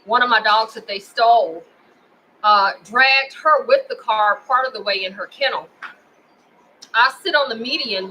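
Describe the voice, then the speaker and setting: A woman's voice: fairly high pitch, sharp tone, a little hiss or hum, low-quality recording. A woman with a Memphis accent delivering an angry, profane personal rant at home, indignant and heated. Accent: Memphis, Tennessee. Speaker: vlogger.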